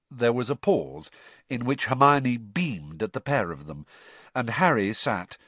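Expressive male audiobook narrator. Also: medium pitch, no echo. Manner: expressive reading with lively intonation. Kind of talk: scripted narration.

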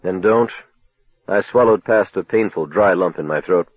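Husky male audiobook narrator on a tinny line. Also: no echo. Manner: measured, low, dramatic storytelling. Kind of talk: first-person novel narration. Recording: tinny phone-like dry recording.

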